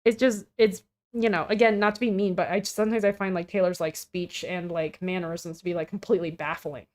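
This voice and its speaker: A woman's voice: lowish voice, steady tone, brisk, darkish tone. Chatty woman reacting to a story. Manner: chatty, full of "like", hedges her opinions. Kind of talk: casual reaction chat.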